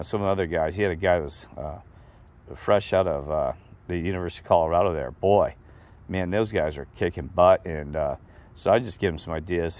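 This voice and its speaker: A middle-aged man telling a rambling, animated story in a casual monologue to his viewers. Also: sits low. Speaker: vlogger.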